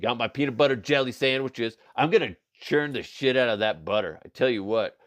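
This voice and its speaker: A man's voice: mid-range voice, fairly quick. A middle-aged man hosting a podcast, chatting casually about odd news with lots of swearing and laughter. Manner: profane, laughing, riffs into silly voices. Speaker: podcast host. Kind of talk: casual comedic news chat.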